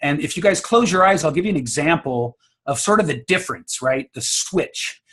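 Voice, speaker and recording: A man from the United States talks as a guest on an interview, laying out ideas like a teacher at the front of a class. He is expressive and laughs easily. His voice is husky and sits a little high for a man. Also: moderate pace. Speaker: guest speaking coach. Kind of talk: conversational interview, explaining.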